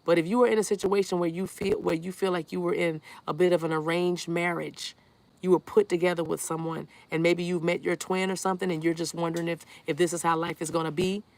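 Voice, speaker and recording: A woman's voice: lowish voice, flat delivery, fast, darkish tone. A woman giving a live tarot reading, talking straight to her viewers and repeating reassuring affirmations. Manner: addresses viewers directly, reads chat aloud. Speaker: tarot reader.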